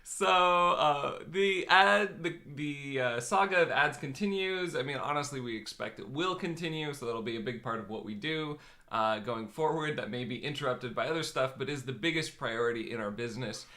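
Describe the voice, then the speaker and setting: Guy in his 30s, business consultant, bright forceful voice, easygoing livestream talk. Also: medium pitch, normal speed. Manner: relaxed, laughs easily, explains steadily. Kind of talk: casual live-stream chat.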